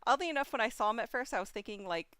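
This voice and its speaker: A woman co-hosting a casual unboxing chat, slowly sounding out foreign words and laughing along. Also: fairly high pitch, animated, fairly bright tone. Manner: slow, halting, sounding out Japanese words with laughs. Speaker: co-host.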